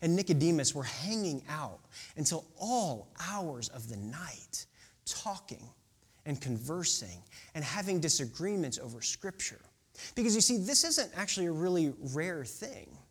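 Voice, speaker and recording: A man's voice: a little high, sing-song, unhurried, husky. A man in his thirties preaching a sermon in a conversational way, with asides and rhetorical questions. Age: 30s. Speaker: pastor.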